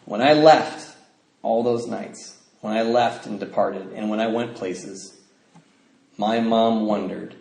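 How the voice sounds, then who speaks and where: Here the same kind of testimony comes in a fairly low, darkish voice with vocal fry, delivered at a slow pace. A middle-aged American man recounts his recovery to a meeting in a convention hall, often laughing and playing out voices, while faint noise sits in the roomy hall acoustics.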